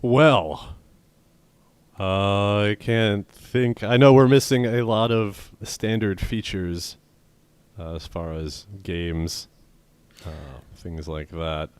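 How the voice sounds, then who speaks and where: A young man co-hosting a comedy podcast, rambling in deadpan, crude banter. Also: on the low side, slow, clear, resonant tone, dry recording. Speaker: podcast co-host.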